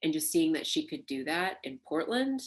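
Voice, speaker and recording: Woman, low voice, interview storytelling, lively, laughing, lots of fillers. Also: normal speed. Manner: animated, laughing, acts out quoted voices, many fillers. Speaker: burlesque performer interviewed for an oral history.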